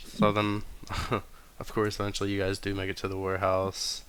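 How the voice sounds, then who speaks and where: A man's voice: low-pitched, completely flat delivery, normal speed, fairly bright tone, clean tone. A man running a tabletop game, narrating loosely with plenty of fillers. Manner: loose, filler-heavy, laughing. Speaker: game master.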